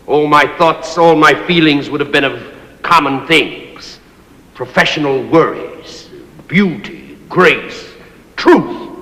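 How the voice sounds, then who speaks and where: A man's voice: mid-range voice, pushed and bright, full character voice. A man playing a pompous, cruel old master. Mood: boastful. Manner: grandiose, mocking, declamatory. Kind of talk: stage play performance. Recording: echoey hall with long reverb.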